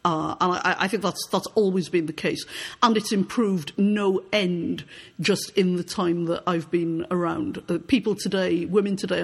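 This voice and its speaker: A woman's voice: fairly low pitch, husky. Thoughtful woman author, repeating herself. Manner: thoughtful, repeats words when starting sentences. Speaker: author being interviewed. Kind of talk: reading aloud from her novel, then conversational answers.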